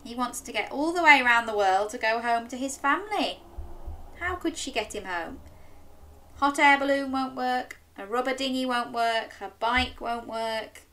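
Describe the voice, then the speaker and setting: A woman's voice: on the high side, moderate pace, a bit bright. A woman reading an interactive story aloud to young children, coaxing them to join in with sing-song questions.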